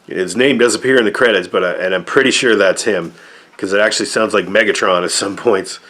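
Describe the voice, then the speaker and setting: A man with a fairly low voice talks through a casual movie review. He rambles with many fillers and turns sarcastic and exasperated when he complains about the film. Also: a little fast, fairly bright tone.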